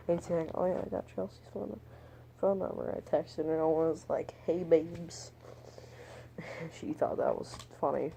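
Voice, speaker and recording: Talking to camera, a young vlogger spins a loose, swear-filled story, wandering off topic and slipping in mumbled, whispered asides. His soft, mellow voice is fairly high-pitched with a creaky texture.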